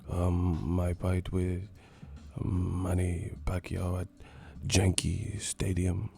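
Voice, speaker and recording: A man doing an impression of a soft-spoken retired boxer who whispers slowly and hesitantly, full of ums. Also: sits low, monotone, gravelly, pitched below the performer's own voice, heavily acted. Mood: whispering.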